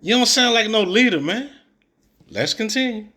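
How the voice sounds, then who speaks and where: Sharp-toned and high-pitched, this man speaks at a moderate pace and with plenty of animation. He's a sports commentator giving an opinionated take on a coach's press conference clips, blunt, exasperated, slangy and mocking.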